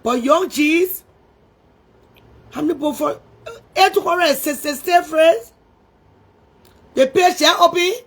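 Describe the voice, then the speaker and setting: A woman with a Liberian English accent hosting a live stream and commenting casually, with loud emotional exclamations. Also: extremely high pitch, slow pace, pauses often.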